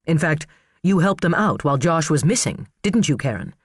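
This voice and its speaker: A man voicing a calm, persistent male defense lawyer who questions in a measured, prodding way. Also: a little high, breathy edge, no room sound, studio quality. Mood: coaxing.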